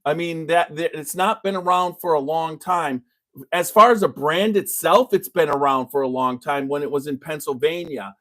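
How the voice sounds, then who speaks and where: A man's voice: a little high, moderate pace, a bit bright. A man hosting a casual bourbon tasting chat, telling stories in a loose, rambling way. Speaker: whiskey reviewer, show host.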